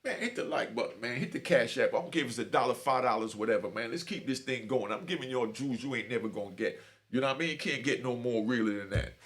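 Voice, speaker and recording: A man's voice: medium pitch, fast, fairly bright tone, a faint crowd, a little hiss or hum. A middle-aged man telling his own story to camera in a streetwise way, often asking "you know what I mean". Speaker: host.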